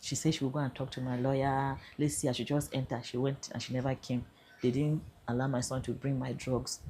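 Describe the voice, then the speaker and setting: An older woman speaks with a Nigerian accent in a low, mellow voice. She tells her story earnestly, sliding into Pidgin now and then. Faint noise sits under the recording. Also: little pitch movement, a little fast. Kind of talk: emotional first-person account.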